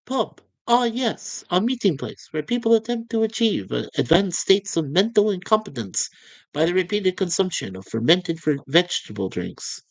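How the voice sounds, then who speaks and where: A woman reading aloud the lines of a prim, pedantic male android servant, slowly and with precise wording. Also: fairly low pitch, sing-song, no echo, low-quality recording.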